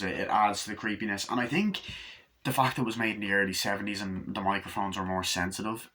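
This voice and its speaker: A man's voice: fairly low pitch, pushed and bright. A young man casually reviewing a film, rambling with lots of fillers and offhand swearing.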